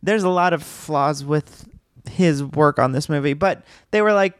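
A man's voice: on the high side, unhurried, no room sound, clean studio sound. A man chatting casually about a film as a podcast co-host, rambling with lots of fillers and restarts.

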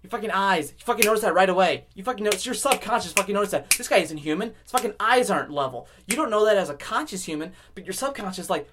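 A man hosting a podcast alone, rambling casually with constant swearing and swings between loud outbursts and low mutters. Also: expressive, quick pace, few pauses, slight background noise. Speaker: podcast host. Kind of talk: casual rambling solo monologue.

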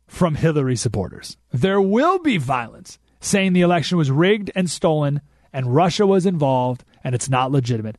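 A man hosting a political talk radio show, emphatic and animated, repeating points for effect, in a studio. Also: fairly high pitch, normal speed, dry recording. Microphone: studio microphone.

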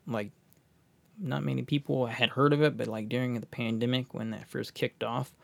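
A man's voice: mid-range voice, flat delivery, moderate pace, creaky. A man co-hosting a podcast, talking loosely with many fillers. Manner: loose, filler-heavy talk. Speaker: podcast co-host. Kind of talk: casual chat.

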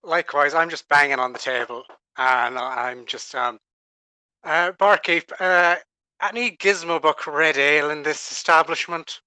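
A man playing in a tabletop game, slow and haughty as his character. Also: on the high side, sharp tone, clean tone, no room sound, poor audio. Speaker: tabletop player.

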